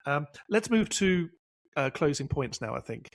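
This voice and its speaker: Guy hosting a podcast, gravelly, dry close sound, repeats his points for emphasis. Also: fairly high pitch, big pitch swings, normal speed, no echo. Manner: anecdotal, emphatic repetitions. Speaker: podcast host. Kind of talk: casual professional discussion.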